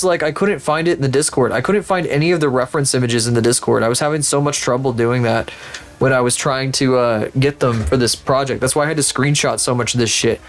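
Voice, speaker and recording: A man's voice: medium pitch, vocal fry. A man streaming live, chatting casually and with lots of swearing while he works through 3D rigging and talks to his viewers. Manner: profane, rambling, sarcastic, talks to viewers.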